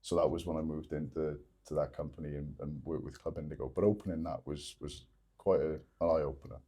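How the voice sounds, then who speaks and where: A man's voice: rumbling low, fairly even intonation, fairly quick, warm tone, slightly rough. A man who is a podcast guest, telling stories in a rambling, self-correcting way. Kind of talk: casual storytelling.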